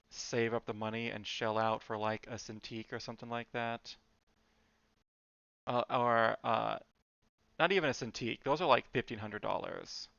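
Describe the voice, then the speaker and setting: A man's voice: medium pitch, gravelly, a bit bright, clear, resonant tone, no room sound, muffled recording. A man streaming as he draws, chatting casually with lots of fillers and muttered asides. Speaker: streamer drawing live. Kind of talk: casual rambling stream chat.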